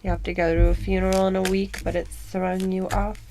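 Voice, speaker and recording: A woman's voice: medium pitch, flat delivery, a little fast, noisy background. A woman doing a live comedy tarot reading in character as a demon, teasing and playful as she improvises. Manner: playful, teasing, giggly, slides into mock-villain boasts.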